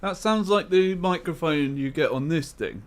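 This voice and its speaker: A man's voice: fairly high pitch, normal speed, slight background noise. A man hosting a livestream, chatting casually and bluntly, laughing easily and swearing now and then. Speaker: livestream host. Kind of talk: casual chat. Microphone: headset.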